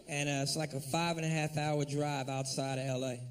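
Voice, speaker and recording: Brash stand-up comedian. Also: male voice, on the high side, level tone, a little fast, recorded from a distance. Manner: brash, profane, lots of acted-out voices.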